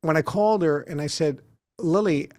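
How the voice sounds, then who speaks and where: Man in his sixties, fairly high voice, dry close sound, anecdotal studio interview guest. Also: normal speed, a little mellow, no echo. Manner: anecdotal, acts out quoted dialogue.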